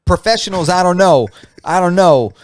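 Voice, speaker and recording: A man co-hosting a casual chat podcast, telling stories with lively energy and acting out the people he quotes. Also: high-pitched, moderate pace, a crowd in the background. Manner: animated storyteller, acts out voices in quotes. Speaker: podcast co-host.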